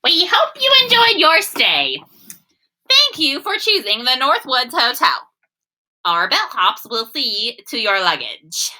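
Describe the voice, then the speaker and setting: A woman's voice: wildly swooping pitch, slow, pushed and bright, full character voice. A woman voicing a pair of fussy little mice running a hotel, reading them aloud from a storybook. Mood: polite. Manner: high squeaky and prim, bickering.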